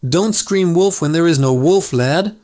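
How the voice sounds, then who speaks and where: A man voicing a gruff village blacksmith who grumbles his lines. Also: fairly high pitch, lively intonation, a little slow, darkish tone, voice pushed up. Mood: grumbling.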